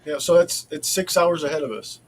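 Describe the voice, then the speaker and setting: A man's voice: a little high, fairly quick, a little hiss or hum. A man chatting on a casual podcast, hesitant and often repeating his words.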